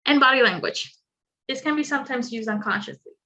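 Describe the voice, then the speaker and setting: A woman's voice: high voice, a little fast, bright, forceful tone, muffled recording, a little hiss or hum. Woman presenting a skills workshop online. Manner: clear instructive delivery with light asides.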